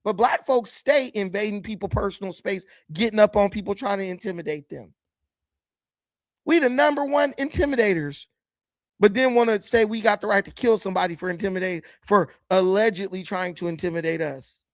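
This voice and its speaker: Speaking fairly quickly in a high register, this man mocks the people in the video clips he reacts to. His commentary is blunt and combative, with abrupt jumps in volume, captured with no room sound.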